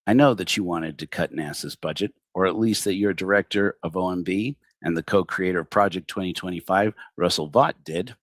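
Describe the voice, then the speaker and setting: A middle-aged man hosting a livestreamed satirical sermon, addressing his target with sarcastic, theatrical mock flattery. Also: low-pitched, normal speed, no echo, clean studio sound. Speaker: host of a secular online congregation.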